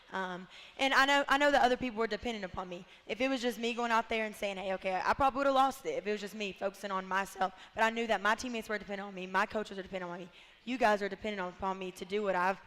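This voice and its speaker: A woman's voice: mid-range voice, fairly even intonation, racing, fairly bright tone. Young woman with a heartfelt, reverberant voice. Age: young adult. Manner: heartfelt, laughing, close to tears. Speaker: guest basketball player. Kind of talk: casual radio interview. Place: bar and grill.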